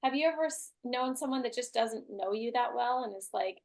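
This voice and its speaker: A woman's voice: fairly high pitch, fairly quick, a little mellow. A woman hosting an online group class, talking casually with lots of "like" and "right?". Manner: chatty, many "like" and "right?" fillers. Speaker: class host.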